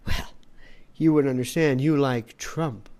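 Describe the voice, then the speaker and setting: A man quoting a patronizing, self-righteous woman acquaintance in a slow, condescending voice. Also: medium pitch, steady tone, darkish tone, voice pushed down, lightly acted.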